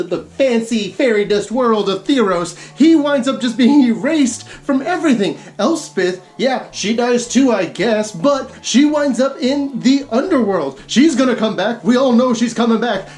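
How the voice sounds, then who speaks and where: A woman with a fairly high voice, ranting for comic effect as a gaming video host. She sounds exasperated and sarcastic, with emphatic stresses and quick laughs. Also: darkish tone. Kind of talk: comedic rant commentary.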